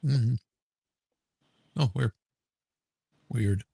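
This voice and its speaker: A man's voice: mid-range voice, drawn-out words, gravelly, dark tone, husky, no room sound. A man appearing as a guest on a casual livestream chat over a video call, rambling and trailing off mid-sentence.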